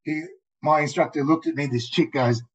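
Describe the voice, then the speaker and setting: An Australian man telling rambling, profane skydiving stories in casual, animated talk, full of "mate" and "dude". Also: a little high, normal speed, slightly rough. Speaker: guest, skydiver. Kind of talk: casual storytelling. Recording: muffled lo-fi audio.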